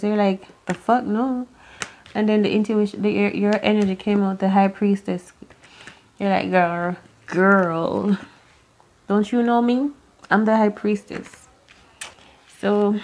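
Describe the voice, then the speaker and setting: Lady rambling thru a tarot reading, swears a lot, thinks out loud, gets kinda intense. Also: medium pitch, vocal fry, slight background noise. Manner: rambling, profane, musing aloud. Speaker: tarot reader. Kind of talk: unscripted tarot reading to camera.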